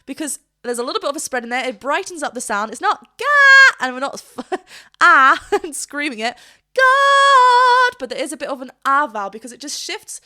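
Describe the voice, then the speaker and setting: A woman vocal coach talks through a song with a bright, clear tone, her voice sitting a little high. She chats in an animated way and now and then sings a quick example line. The sound is dry and close, with faint music behind her. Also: dry recording. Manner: chatty and animated, breaks into short sung demonstrations. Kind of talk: reaction video with vocal analysis.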